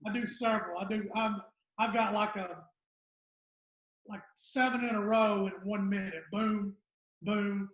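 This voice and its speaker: Gravelly older man, high voice. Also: steady tone, normal speed, pauses often, a bit bright. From Southern United States. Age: 60s. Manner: rambling storyteller, trails off. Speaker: guest comedian. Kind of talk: casual podcast chat. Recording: echoey room.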